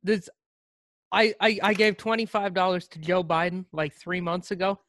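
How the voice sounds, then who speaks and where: Young male co-host, high-pitched, profane storyteller who plays both sides of a call, dry close sound. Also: steady tone, moderate pace, a bit bright, dry recording. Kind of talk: casual chat.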